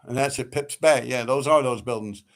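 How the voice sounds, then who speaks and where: A man from New York City, medium in pitch and moderate in pace, hosts a livestream of casual storytelling. His tales ramble, turn profane, and are punctuated by frequent laughter.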